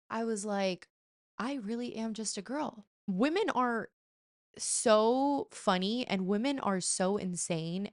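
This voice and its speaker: A woman's voice: mid-range voice, dry recording. Chatty young woman, dry close sound. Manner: chatty and animated, self-mocking with playful put-on voices. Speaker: vlogger. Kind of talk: casual chat.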